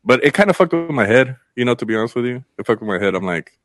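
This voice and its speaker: A man's voice: medium pitch, expressive, quick pace, fairly bright tone, no room sound, clean studio sound. A young adult man, a podcast guest, talking in casual conversation, candid and rambling, with many fillers and some swearing.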